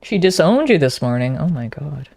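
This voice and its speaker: A woman's voice: sits low, big pitch swings, moderate pace, darkish tone, no room sound. A woman streaming a game, chatting casually and teasing her viewers.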